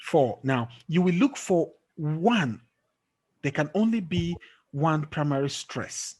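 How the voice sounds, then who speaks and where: A man with a fairly high, darkish, expressive voice teaches English online at a slow pace. Patiently, he quizzes students and checks in often with "okay?", recorded through a screen-sharing call or recording.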